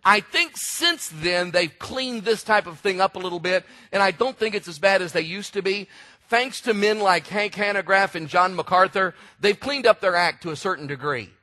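High, bright-voiced animated male preacher. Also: normal speed. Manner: animated storytelling preacher, shouts for emphasis. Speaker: pastor. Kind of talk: sermon.

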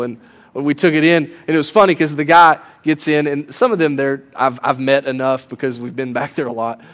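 A pastor delivers a sermon in a fairly high, light voice. He talks easily and storytells to his congregation, then presses harder and pleads with rising intensity. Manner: conversational preaching, rising to impassioned pleading. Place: church sanctuary.

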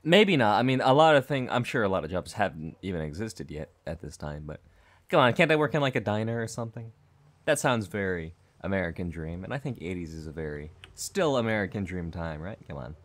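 A man's voice: low voice, expressive, fairly quick. A young man commentating a horror game, reading dialogue aloud with nervous jokes and laughter. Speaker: gaming YouTuber.

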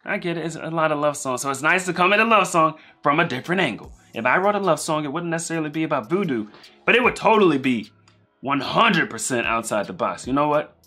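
A man talks through a live reaction stream in a loose, rambling way, working his thoughts out as he goes. His voice sits a little high and sounds bright and forward. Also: lively intonation, fast talker, soft background music. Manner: chatty, rambling, thinking out loud. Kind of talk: casual live-stream commentary.

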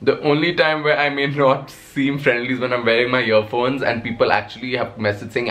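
A man's voice: medium pitch, fairly even intonation, a little fast, few pauses, a bit bright. A young man from Nepal with a Nepali accent, a content creator answering viewer questions in a casual vlog, wry and self-mocking.

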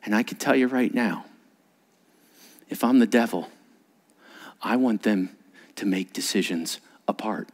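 A man preaching a sermon as a pastor, telling stories with animated delivery and acting out little voices. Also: fairly low pitch, measured pace, long pauses. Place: church sanctuary.

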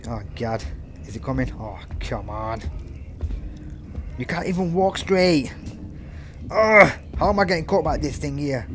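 A man's voice: on the high side, animated, a little slow, pauses often, a little hiss or hum. Swearing man playing a horror game. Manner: swears a lot, talks to himself and the game characters, yells when chased. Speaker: gameplay commentator. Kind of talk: live horror game commentary.

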